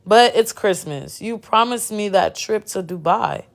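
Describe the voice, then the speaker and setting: A woman's voice: mid-range voice, measured pace, gravelly. A woman reading the lines of a desperate young mistress who pleads with her lover. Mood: pleading.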